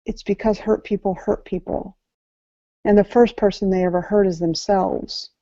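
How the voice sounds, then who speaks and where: A woman life coach delivers a motivational talk at an event with a mellow, warm tone. She is earnest and repeats key lines for weight. The sound is dry and a little muffled. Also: medium pitch, fairly even intonation, moderate pace, dry recording. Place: event venue before an audience. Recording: slightly muffled, dry recording.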